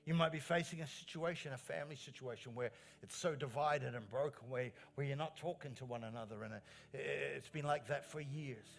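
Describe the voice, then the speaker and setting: A man's voice: medium pitch, a little fast, creaky, few pauses. A male pastor delivering an earnest sermon in a church, stressing lines by repeating them. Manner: earnest preaching with rising emphatic phrases and repeated lines.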